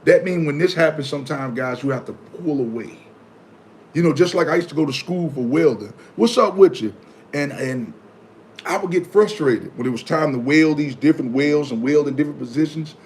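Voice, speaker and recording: Middle-aged male vlogger, AAVE, chatty advice giver, animated, slightly high voice, light noise. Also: fairly quick. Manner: animated, acts out his own past reactions in high yelps. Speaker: vlogger reading viewer comments. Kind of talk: casual motivational talk.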